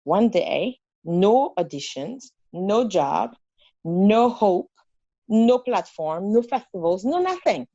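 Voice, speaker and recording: A woman with a Haitian accent tells her story as an interview guest, leaning into words and repeating them for emphasis. Her pitch rises and falls widely while staying mid-height overall. The recording is dry and a little dull. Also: slow, dry recording. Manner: expressive storyteller, emphatic repetition. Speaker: interview guest, festival founder. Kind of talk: casual interview conversation. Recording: dull, muffled, dry audio.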